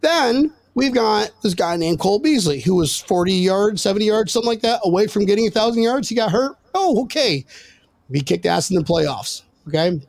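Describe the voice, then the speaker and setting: A young man hosting a sports podcast, excitable and joking as he argues his picks and talks over the others. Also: high voice, fairly quick, gravelly. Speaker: podcast host. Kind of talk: casual sports banter.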